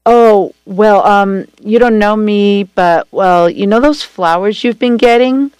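A man's voice: high voice, slow pace, a little mellow, clean tone, no echo, pitched above the performer's own voice, poor audio. A reader voicing a shy young man who stammers nervously on the phone, hesitant and full of ums.

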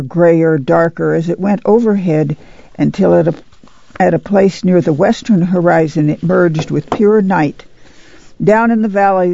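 A man narrating an audiobook in a steady, descriptive reading. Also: high voice, vocal fry, no echo, highs cut off.

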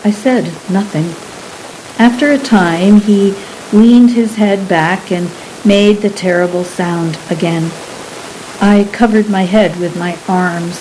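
A woman narrates a first-person story in a hushed, fearful way. Her delivery is very slow and her tone is mellow and dark. A faint hiss sits under the voice. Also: on the low side, low-quality recording.

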